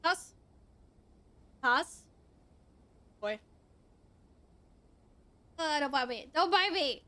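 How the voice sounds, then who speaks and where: A young woman with a high, bright pitch chats casually on a stream from her computer at home. She swears freely, chats off the cuff and coos at her cats, and her voice sounds close and dry on a desk mic. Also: expressive, drawn-out words, long pauses, no echo. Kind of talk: casual chat.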